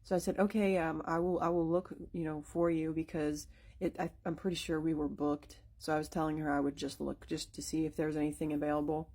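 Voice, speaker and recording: A young woman tells a spooky story from her own life in a loose, chatty way, full of fillers and restarts. Her voice sits a little low for a woman. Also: little pitch movement, a little fast, dark tone. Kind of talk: casual spoken storytelling.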